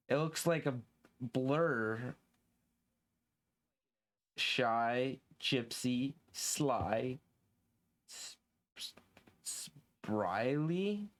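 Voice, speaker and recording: Slow-talking exasperated male game streamer. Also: medium pitch. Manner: exasperated, swears and rants at the game. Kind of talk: casual live gameplay commentary. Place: home room with window open.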